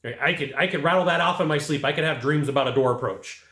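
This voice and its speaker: A man's voice: on the high side, quick pace, sharp tone. A middle-aged man coaching sales staff to camera, talking emphatically in punchy bursts and often tagging his points with "right?". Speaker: HVAC sales trainer. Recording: echoey room.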